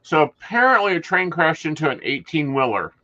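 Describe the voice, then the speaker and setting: Bright-voiced man sharing news wryly. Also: fairly high pitch, big pitch swings, fairly quick, highs cut off. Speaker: podcast co-host. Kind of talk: casual chat and reading news.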